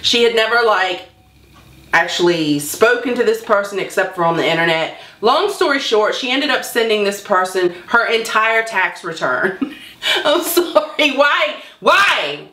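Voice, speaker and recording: A woman's voice: medium pitch, animated, moderate pace, pushed and bright. A woman vlogger telling a story in a casual, sarcastic way, laughing and sounding incredulous. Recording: echoey room.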